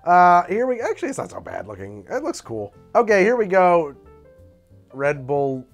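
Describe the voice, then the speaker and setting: A fairly high-voiced man whose pitch leaps around as he hosts a comedic cocktail show. He talks in a wry, self-mocking and profane way, mixing drinks and reacting to them. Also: wildly swooping pitch, moderate pace, gravelly, faint music behind. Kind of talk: comedic bartending tutorial.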